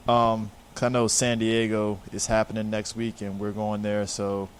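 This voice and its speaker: A man's voice: fairly low pitch, completely flat delivery, normal speed, clear, resonant tone. A man hosting a casual film chat podcast, laid-back and swearing freely, often trailing off and restarting. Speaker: podcast host.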